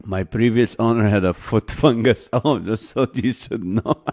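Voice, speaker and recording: A man's voice: on the low side, measured pace, a little mellow. A man hosting a live online show, reading viewer comments aloud and chuckling often.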